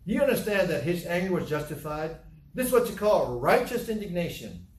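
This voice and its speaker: A man preaching a sermon as a pastor, animated, acting out biblical scenes with sudden loud outbursts. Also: sits high, a little fast. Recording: roomy sound from a distance with faint background noise.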